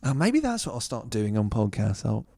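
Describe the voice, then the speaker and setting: Man doing a put-on British accent, mock posh, lilting, soft-spoken, lowish voice, dry close sound. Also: big pitch swings, moderate pace, vocal fry, slightly rough, no echo, exaggerated voice. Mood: playful. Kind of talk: comic bit.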